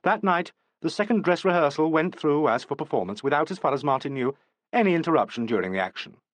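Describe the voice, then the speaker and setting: Male narrator, classic novel reading, lively, dry close mic. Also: fairly high pitch, fast talker, no room sound. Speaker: audiobook narrator. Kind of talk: scripted narration.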